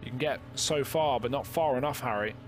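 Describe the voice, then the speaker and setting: A man commentating a competitive shooter match, calling plays quickly and joking with his co-caster. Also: medium pitch, music in the background. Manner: jokey banter between calls. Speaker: esports caster. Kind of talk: play-by-play commentary.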